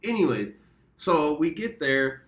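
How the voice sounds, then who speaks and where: A man from the United States rambles through a travel story in a loose vlog style, swearing freely and stopping to correct himself. His voice is bright and forward. The room around him adds a roomy echo. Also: a little high, very animated, measured pace. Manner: rambling, profane, self-correcting. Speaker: travel vlogger. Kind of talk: casual storytelling.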